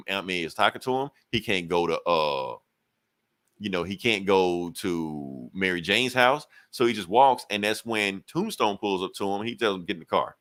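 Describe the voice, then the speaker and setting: A man casually recapping a comic book issue on a podcast, acting out the characters' lines in quick voices and swearing freely. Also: on the low side, sharp tone. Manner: profane, loose and conversational. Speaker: podcast co-host.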